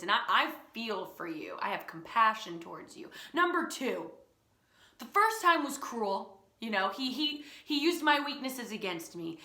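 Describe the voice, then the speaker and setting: A young woman teacher telling a family story to children, playful and animated, acting out the quoted lines. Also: fairly high pitch. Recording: echoey room.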